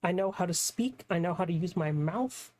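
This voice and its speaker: Low, mellow woman streamer, casual and self-mocking between game lines. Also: expressive, normal speed. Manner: chatty, laughs at herself, self-deprecating. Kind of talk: live game playthrough, reading dialogue aloud.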